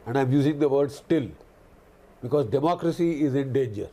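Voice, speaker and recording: A man's voice: mid-range voice, moderate pace, dark tone, a little hiss or hum. A man giving impassioned commentary on a news broadcast, indignant and lecturing, often repeating phrases for emphasis. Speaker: guest commentator on a news channel.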